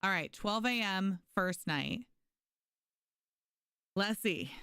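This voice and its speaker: Speaking slowly in a clean-toned, mid-range voice, a young woman streams a game and chats casually with viewers. She's animated, reads chat aloud, and offers thanks. The clean studio sound has no echo.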